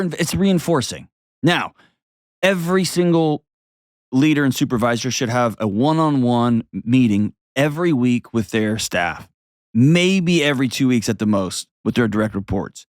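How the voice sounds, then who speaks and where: A man's voice: a little high, dry recording, clean studio sound. A man hosting an advice show, talking bluntly and emphatically and repeating words for stress. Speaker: host.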